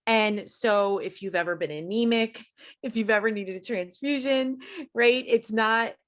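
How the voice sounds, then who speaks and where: Fast-talking and keyed up, this middle-aged woman tells a personal story as a guest on a podcast interview. She animates the quoted lines, her own included, with big jumps in pitch.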